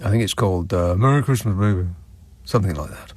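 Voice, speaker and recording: A man hosting a radio phone-in, talking casually in a dry, deadpan, teasing way. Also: sits low, fast talker, no echo. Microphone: studio microphone.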